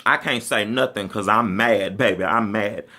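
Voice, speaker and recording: Sassy, animated man telling a story. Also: normal speed. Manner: animated and sassy, laughing often, swinging between loud outbursts and low asides. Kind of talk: casual comedic personal storytelling.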